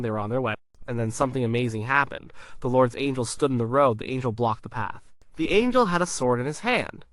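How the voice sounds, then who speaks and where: A man's voice: mid-range voice, fairly bright tone, no room sound. A man narrating a Bible story in short, simple sentences with emphatic repetition.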